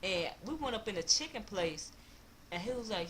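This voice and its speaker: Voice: mid-range voice, expressive, a little fast, a bit bright, slight background noise. Laid-back young vlogger with a Louisiana accent. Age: about 20. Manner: slangy, laid-back, loose storytelling. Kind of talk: casual storytime vlog.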